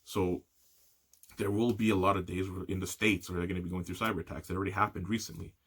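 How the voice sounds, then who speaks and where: Husky-voiced man ranting with heavy profanity. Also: low-pitched, little pitch movement, fast, a bit bright. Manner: profane, heated, repeats "okay". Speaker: podcast host. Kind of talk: solo ranting monologue.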